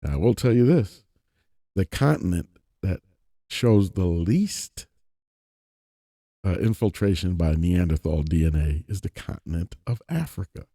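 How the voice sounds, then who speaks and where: A man's voice: sits low, expressive, unhurried, pauses often, warm tone, husky, no room sound, clean studio sound. A man casually reading scripture and commenting on it, digressive and chuckling between points. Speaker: religious commentator.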